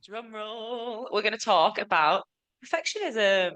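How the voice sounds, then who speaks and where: A woman co-hosting a podcast, telling stories in a chatty, animated way. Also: medium pitch, measured pace. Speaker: podcast co-host. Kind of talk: casual chat.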